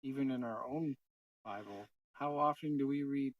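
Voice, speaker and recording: A man's voice: mid-range voice, moderate pace, no echo, recorded from a distance, muffled recording. A man co-hosting a casual faith podcast, talking in an earnest, reflective way with many fillers. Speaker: podcast co-host.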